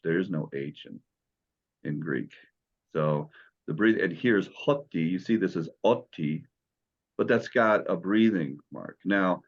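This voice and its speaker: Low-voiced man teaching a class. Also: lo-fi sound. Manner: patient, explains step by step. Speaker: Greek teacher. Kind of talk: classroom lesson.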